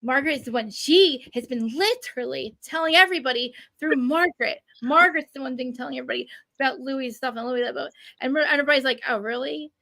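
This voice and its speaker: A woman ranting in casual chat, animated and profane, with many restarts. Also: high-pitched, creaky, dry recording. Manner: rapid, profane, animated rant with frequent restarts. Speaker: guest commentator. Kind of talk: casual chat recapping a reality show.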